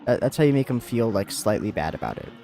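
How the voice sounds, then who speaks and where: Rambling American guy with lively pitch. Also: quick pace, creaky, faint music behind. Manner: rambling, full of "like" fillers and restarts. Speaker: streamer. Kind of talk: casual chat while gaming.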